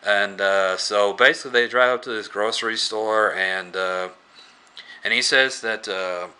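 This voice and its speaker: Halting man with a sharp voice. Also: lowish voice, steady tone, clean tone. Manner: rambling, halting, many filler words. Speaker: movie reviewer. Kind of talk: casual movie recap.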